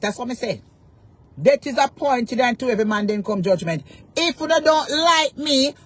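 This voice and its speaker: A Jamaican woman ranting defiantly to her followers, cursing in Patois and repeating taunts. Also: high voice. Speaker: social media personality. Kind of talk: angry rant to camera.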